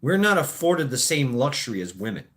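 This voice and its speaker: A man's voice: medium pitch, sing-song, fairly quick, a bit bright. A man hosting a casual livestream, rambling through opinions with stammered restarts and crude swearing while reacting to his chat. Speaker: livestream host.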